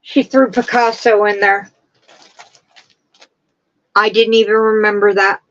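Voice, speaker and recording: A woman hosting a casual livestream, chatting and gushing with excitement. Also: mid-range voice, a little slow, lo-fi sound. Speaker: livestream host. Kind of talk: casual chat.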